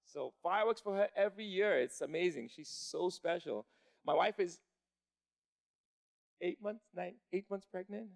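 A man in his thirties telling an animated stand-up story to a live crowd, building up to shouting when excited. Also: high voice, normal speed, vocal fry, long pauses. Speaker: stand-up comedian.

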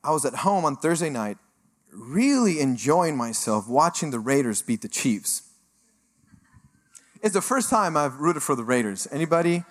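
A middle-aged man from Mexico giving a sermon testimony, telling his story with animated energy and acting out the voices he quotes. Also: a little high, normal speed. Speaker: guest speaker sharing testimony.

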